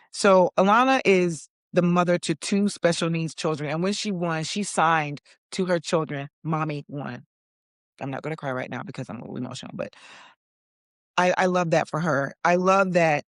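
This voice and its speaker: A fortysomething woman hosts a talk show podcast in a fairly low voice, recorded clean in the studio with no echo. She chats with plenty of sass, offering casual opinion commentary and calling her listeners "honey" while tossing in "okay."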